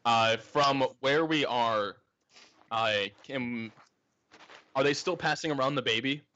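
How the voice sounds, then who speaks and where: Slow-talking bright man at a game table. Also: medium pitch, highs cut off, slight background noise. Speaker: player. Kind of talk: casual tabletop play.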